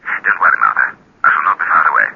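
An actor playing a scheming male villain who gives slow, cold, commanding orders in a deep, husky voice. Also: animated, full character voice. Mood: menacing. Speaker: villain in a radio drama. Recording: tinny old radio recording.

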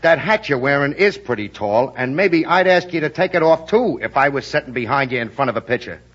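Brooklyn husband, quick, lively and husky; 1940s radio, muffled recording. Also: male voice, medium pitch. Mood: placating. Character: doting, easygoing Brooklyn husband. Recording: lo-fi old radio broadcast.

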